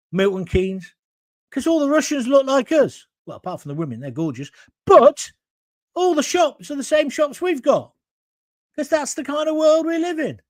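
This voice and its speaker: A man's voice: very high voice, darkish tone, no room sound. A man hosting a live talk show, reading out viewer comments in a blunt, combative, rambling way from a green screen studio.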